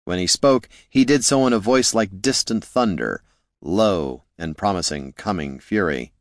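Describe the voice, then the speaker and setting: A man reading fantasy fiction as an audiobook narrator in steady storytelling style. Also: sits low, a little slow, dry recording, clean studio sound.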